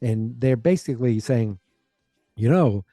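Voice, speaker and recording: Relaxed chatty man, dark mellow voice. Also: mid-range voice, unhurried, dry recording, soft background music. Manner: rambling, quotes characters in raised voices. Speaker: podcast host. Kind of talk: casual recap of a sitcom episode.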